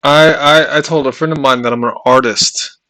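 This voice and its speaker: A man in his forties from the United States, thinking aloud in a halting, searching monologue that is full of restarts and repeated questions while he has been drinking. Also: medium pitch, steady tone, bright, forceful tone. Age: 40s. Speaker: vlogger. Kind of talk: rambling philosophical monologue.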